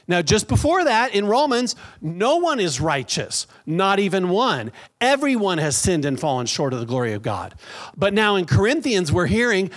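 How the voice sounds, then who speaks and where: A middle-aged man preaching a lively sermon in a church, drawing call-and-response from the congregation. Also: sits high, moderate pace. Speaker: pastor.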